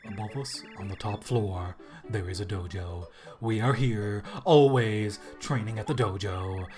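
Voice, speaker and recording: A man voicing grave, dutiful toad dojo students in a video game, speaking low and slow over game music. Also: natural voice. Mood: solemn.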